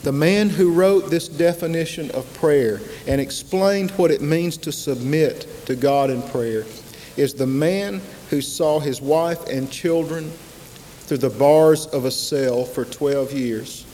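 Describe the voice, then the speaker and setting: A man preaching a sermon, slow and emphatic, with dramatic pauses and repetition. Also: a little high, dark tone. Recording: long hall reverb, faint hiss.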